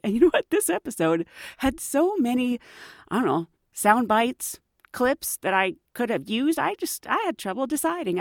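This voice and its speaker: A woman hosting a podcast, telling stories in a casual, animated way and laughing often. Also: medium pitch, dry recording, clean studio sound. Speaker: podcast host. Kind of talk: casual storytelling chat.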